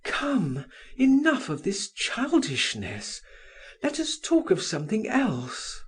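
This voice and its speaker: A man's voice: high-pitched, huge pitch swings, slow, a little mellow, slightly rough, pitched above the performer's own voice, heavily acted. A male narrator voicing a respectable older woman who answers hesitantly and in a fluster, in an audiobook.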